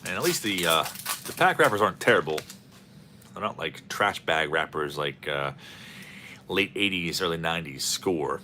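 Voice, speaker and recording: A man's voice: low voice, animated, moderate pace, bright, forceful tone, a little hiss or hum. A man hosting a card-opening video, rambling and joking as he calls out player names. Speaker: host of a card-opening channel. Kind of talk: casual commentary while opening packs.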